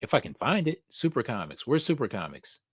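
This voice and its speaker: A man hosting a casual live stream, thinking aloud, swearing casually and getting excited. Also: mid-range voice, brisk, slightly rough, no echo, studio quality. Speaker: host of a comic book live show.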